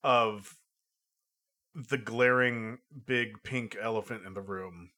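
A man chatting casually about a movie, halting and restarting often with lots of fillers. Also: on the low side, fairly even intonation, bright, forceful tone. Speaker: podcast co-host. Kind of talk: casual film review chat.

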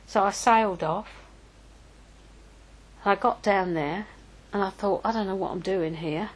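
An older woman preaching in a relaxed, conversational way. She tells personal stories and often stops to correct herself, at a medium pitch. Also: measured pace, poor audio. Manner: chatty and anecdotal, with self-corrections. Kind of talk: informal teaching talk.

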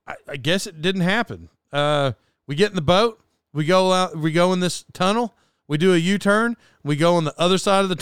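A man's voice: sits high, fairly bright tone, smooth, no room sound, studio quality. A man telling a rambling story in a casual monologue, doubting himself, restarting sentences and laughing often.

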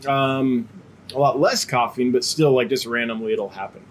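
A man's voice: mid-range voice, normal speed, slight background noise. A man hosting a casual live stream as a fish seller, talking in a chatty, rambling way with a cough drop in his mouth and a slight lingering cough. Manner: chatty, rambling, with frequent fillers.

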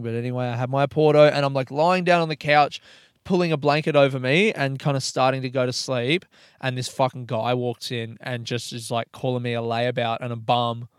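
A man's voice: mid-range voice, clear, resonant tone, dry recording, studio quality. A young male comedian telling a story in a rambling, swearing, wry way, recording himself in a parked car. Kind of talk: casual storytelling monologue. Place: parked hire car by a road.

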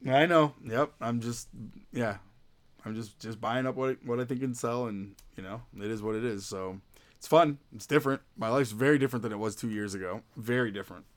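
A man's voice: medium pitch, brisk. A man in his thirties chatting casually as a podcast co-host, rambling through stories with lots of "like" and "you know.". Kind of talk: casual chat.

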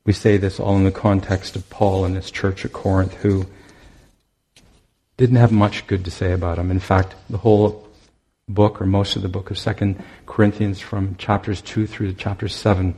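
Casting: male preacher, deep and husky, earnest exhortation with frequent pauses. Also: mellow. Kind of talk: sermon.

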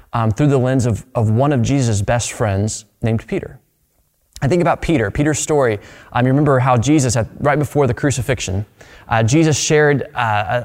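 A man's voice: mid-range voice, darkish tone, big-room sound. A man preaching a sermon as pastor, telling a story earnestly and often repeating words as he restarts phrases.

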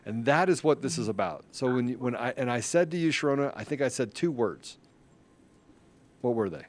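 A man's voice: medium pitch, animated, a little fast. Fervent rambling male podcast host. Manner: fervent, rambling, with many restarts, rising to rally-style shouting. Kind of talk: casual political talk show.

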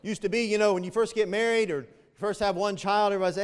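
A middle-aged man preaching a sermon, telling stories animatedly and swinging from loud emphatic peaks to low quiet asides. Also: fairly even intonation, fast, clean tone, in a large hall. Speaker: pastor.

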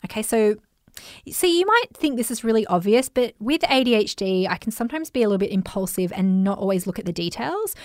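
A woman with an Australian accent hosting a podcast, telling stories in a chatty, animated way and acting out the voices of people she quotes. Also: medium pitch, brisk, no room sound, clean studio sound. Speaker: podcast host. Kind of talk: casual storytelling monologue.

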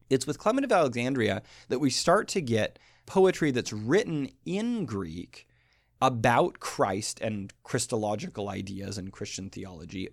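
A man's voice: lowish voice, vocal fry, no echo, clean studio sound. A man giving a scholarly podcast lecture on literature, explaining things patiently and sounding out rhythms. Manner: scholarly, explanatory, with sung-out meter examples.

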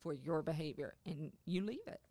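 A man talking as a parenting counselor on a podcast, calm and often laughing, acting out the phrases parents could say. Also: fairly high pitch, normal speed, dry recording. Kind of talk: podcast conversation.

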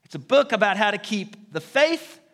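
High, lively-voiced male preacher. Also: moderate pace. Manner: earnest preaching with repeated key phrases. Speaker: pastor. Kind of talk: sermon. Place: church sanctuary.

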